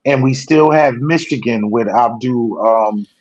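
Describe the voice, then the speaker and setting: A man co-hosting a political talk show, rambling in casual discussion and correcting himself often, growing animated when he makes a point. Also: medium pitch, unhurried. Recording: dull lo-fi sound.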